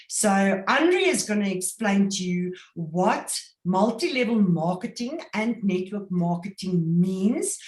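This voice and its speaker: A South African woman training on an online business call, upbeat and lively as she acts out little everyday scenes. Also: medium pitch, reverberant. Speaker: network marketing trainer.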